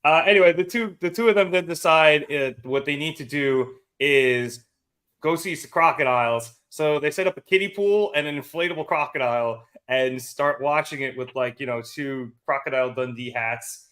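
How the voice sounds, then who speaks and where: A man's voice: on the high side, moderate pace. A man with a slightly raised voice talks through a wrestling episode in loose, casual chat. He bounces into little impressions of the people he describes. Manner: animated recapper, acting out quotes. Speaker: podcast co-host.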